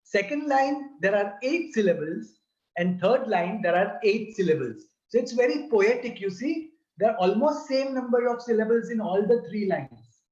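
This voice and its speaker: Male religious teacher, unhurried and deliberate, recorded in a roomy space with muffled sound. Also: high-pitched, darkish tone. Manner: deliberate, repeats and spells out syllables. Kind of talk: slow explanatory lesson. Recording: roomy, slightly dull sound.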